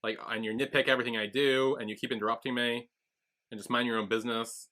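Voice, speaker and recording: A man's voice: medium pitch, fast talker. A man co-hosting a podcast, casually recapping episodes and acting out the characters' lines as he goes. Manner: animated retelling with quoted voices. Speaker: podcast co-host.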